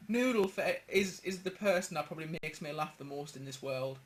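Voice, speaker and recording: High-voiced Geordie man bantering. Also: brisk. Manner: chatty, laughing, swearing. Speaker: gaming channel host. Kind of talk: casual banter podcast.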